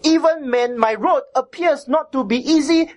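A woman preaches a sermon in a somewhat high voice. She teaches in an emphatic, repetitive way and keeps checking in with her listeners with "right?" and "isn't it?". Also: normal speed.

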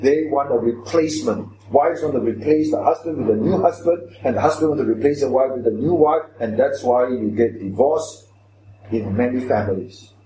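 A man's voice: medium pitch, normal speed, warm tone, slight background noise. A man preaching a sermon, emphatic, questioning the congregation directly. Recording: echoey hall with faint ambience.

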